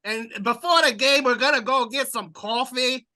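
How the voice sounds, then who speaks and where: A man putting on a loud New York sports fan. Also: extremely high pitch, normal speed, pitched above the performer's own voice, full character voice. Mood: boisterous.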